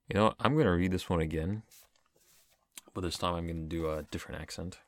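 A man with a deep, low voice, recorded dry with no room sound. He chats crudely and jokingly between poems. He often lets his voice sink to a near-murmur. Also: moderate pace, pauses often, no room sound. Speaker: poetry reader. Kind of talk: casual commentary between poem readings.

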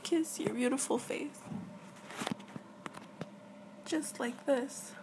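A woman in a whispered role-play as a girlfriend on a video call, talking softly and affectionately and often dropping to a whisper. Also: sits high, slow, gravelly, long pauses, noisy background.

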